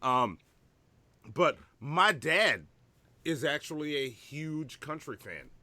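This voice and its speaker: A man co-hosting a podcast in casual chat, swearing freely and giving lively opinions. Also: a little high, takes it slowly, no room sound. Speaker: podcast co-host.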